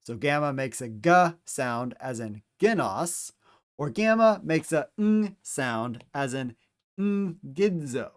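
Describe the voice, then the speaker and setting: A man leads a Greek pronunciation lesson at a very unhurried pace, saying each letter and example word twice so listeners can repeat after him. His voice sits at an ordinary middle pitch, and his delivery is careful and measured. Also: animated. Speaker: Greek teacher. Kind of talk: slow instructional pronunciation lesson.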